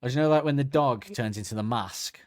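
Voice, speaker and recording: A man's voice: medium pitch, fast talker. Man joking on a podcast. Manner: joking, slips into silly put-on voices. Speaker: podcast co-host. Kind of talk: casual comedic chat.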